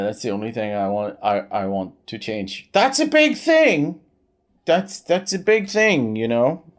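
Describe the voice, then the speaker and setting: A man in his thirties chatting on a live game stream, rambling with many fillers and restarts. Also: a little mellow. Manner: pitch swings widely.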